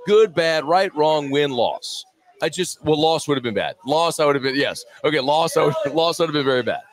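A man with a fairly high, lively voice hosts a sports radio show from a studio, speaking at a moderate pace into a studio microphone. His casual sports talk is blunt, profane, and dismissive.

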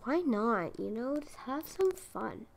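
Slow-talking young woman commenting on gameplay. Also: on the high side, very animated, creaky. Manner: exasperated, talks to the game characters. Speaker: gaming video creator.

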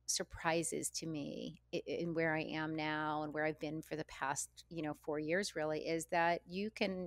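A middle-aged woman, an author guest in an interview, speaking candidly and reflectively, often halting and repeating words as she thinks. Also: deep voice, dry recording, clean studio sound.

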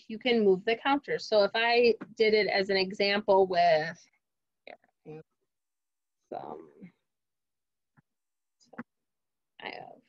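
A woman teaching a remote phonics lesson to young children, speaking clearly and encouragingly. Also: medium pitch, no echo, highs cut off. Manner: slow, clear, encouraging teacher talk to kids.

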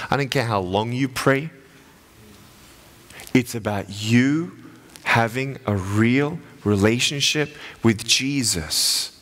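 A man, giving an animated, playful motivational sermon to a college chapel crowd. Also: mid-range voice. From Australia. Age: 30s. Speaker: guest chapel speaker. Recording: echoey hall.

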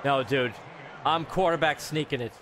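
A man giving loud, swearing commentary while playing a football video game, reacting to every play. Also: medium pitch, moderate pace, background noise. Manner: excitable, yells and swears at the game. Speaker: gamer streamer. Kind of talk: live gameplay commentary.

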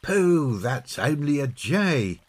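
A man's voice: a little high, very animated, slow, pitched above the performer's own voice, full character voice. A man voicing a young boy trying to sound brave in a storybook reading. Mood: bluffing.

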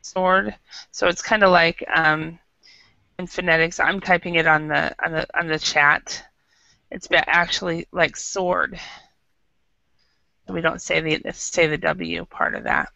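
A woman teaching an English class over a video call, explaining patiently and slowly with many fillers. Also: deep voice, steady tone, creaky, bright, forceful tone, dry recording. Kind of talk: online English lesson. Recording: dull lo-fi video call audio.

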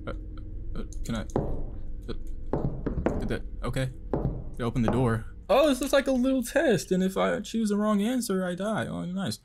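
A man's voice: sits high, normal speed, creaky, long pauses, very noisy. A young man giving casual, profane, jumpy gameplay commentary as a streamer. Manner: excitable, profane, jumpy reactions. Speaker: gaming streamer.

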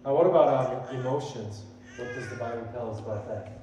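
A man's voice: mid-range voice, brisk, mellow, a little hiss or hum. Man preaching in an echoey church. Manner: earnest, conversational preaching with rising emphasis on scripture. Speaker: pastor. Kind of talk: sermon. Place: church sanctuary. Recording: echoey hall, voice from far off.

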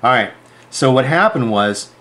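At normal speed and in a mid-range voice, a man who designs sewing projects tells a story to the camera, chatting and rambling while animatedly performing the dialogue.

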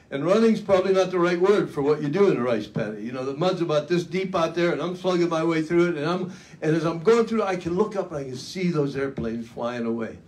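A man's voice: on the high side, darkish tone. An older man giving a luncheon keynote, telling his story in a folksy, dramatic way with self-mocking humor. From United States. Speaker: keynote speaker. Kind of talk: storytelling speech. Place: luncheon event hall.

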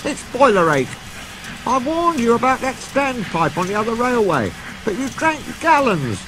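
A man voicing a cheerful, cheeky male steam engine in a bright, high voice. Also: big pitch swings, moderate pace, background noise.

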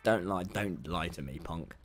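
A British teenage boy streaming a game, chatting casually in a teasing, mock-indignant way that breaks into shouting. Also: deep voice, a little slow. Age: teens. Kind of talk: casual gaming chat. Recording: faint game music behind.

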